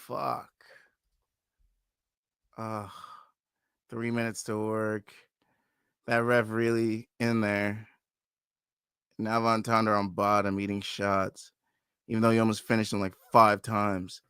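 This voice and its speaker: A man hosts a live fight watch-along, swearing freely and pleading with the fighters on screen. His voice is bright and crisp, and it leaps high when he gets excited. The sound is close and dry. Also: slow, pauses often, dry recording. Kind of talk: live fan commentary while watching and betting.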